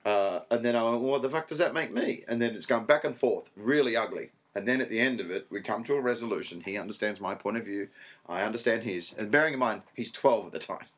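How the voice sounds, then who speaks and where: A man's voice: lowish voice, quick pace. A middle-aged man, a stand-up comedian, telling a rambling story in a casual interview, swearing freely and acting out what others said. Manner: rambling, animated, swears freely, acts out quotes.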